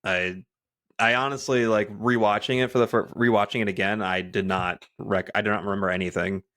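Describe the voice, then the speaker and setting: Rambling, lower-voiced male podcast co-host. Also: steady tone, a little fast, a bit bright. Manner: rambling, many restarts and fillers. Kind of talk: casual chat.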